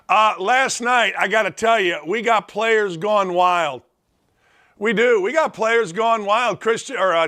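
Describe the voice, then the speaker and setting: A man hosting a sports talk show, giving a blunt, animated monologue and now and then breaking into mock shouting. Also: sits high.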